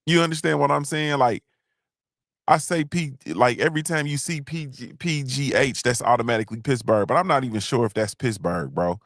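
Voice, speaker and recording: A man hosting a casual podcast chat, rambling loosely through stories and shout-outs and often checking in with "you understand what I'm saying.". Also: mid-range voice, fairly quick, no room sound, clean studio sound. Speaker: podcast host.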